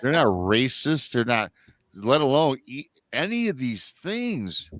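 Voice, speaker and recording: A man's voice: medium pitch, very animated, slow, a bit bright, no echo. A middle-aged man from Michigan, a guest on a live stream, telling a family story in a rambling way and acting out what his relatives said. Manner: rambling, with restarts and acted-out quotes of family members.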